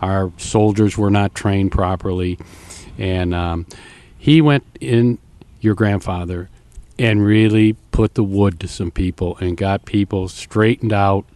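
A man co-hosting an interview, explaining things in a measured way. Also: on the low side, a little mellow, no room sound. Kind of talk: conversational explanation.

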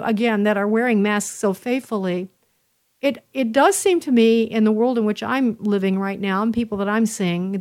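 A woman host talking straight to her listeners in a casual monologue, telling stories with emphatic repetitions. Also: on the high side. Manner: animated storytelling, emphatic repetitions.

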